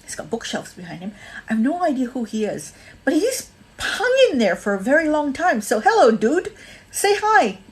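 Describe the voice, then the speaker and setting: Her voice is high-pitched and husky with huge swings in pitch, at normal speed, in a low-quality recording. A Malaysian woman with a mostly American, slightly Australian accent, she hosts a casual livestream, rambling with frequent ums and welcoming viewers by name.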